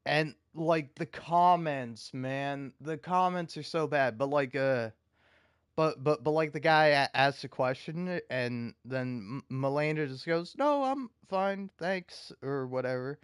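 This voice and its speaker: Casting: man, casual commentary rant, cursing, stammering restarts, mid pitch. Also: measured pace, clean tone, no room sound, studio quality. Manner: heated, profane, stammering restarts. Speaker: video commentator.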